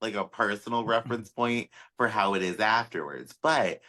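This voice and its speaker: A man with a fairly low voice co-hosting a podcast. He chats in a loose, candid way. His sentences are full of fillers and restarts. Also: moderate pace, bright, forceful tone. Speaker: podcast co-host. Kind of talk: casual chat.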